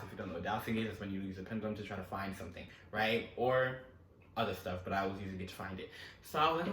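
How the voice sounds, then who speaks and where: A man telling a true story in a casual vlog, swinging his pitch wildly as he acts out each voice. His delivery is dramatic and profane, with a bright, forceful edge. The sound is roomy, picked up a little away from the mic. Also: sing-song, fast, far from the mic. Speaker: host telling his own stories.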